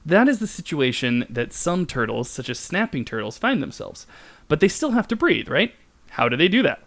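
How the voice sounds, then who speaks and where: A man's voice: a little high, big pitch swings, moderate pace, gravelly, a bit bright. A man co-hosting a comedy science podcast, explaining facts playfully and giggling at his own jokes. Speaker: podcast co-host.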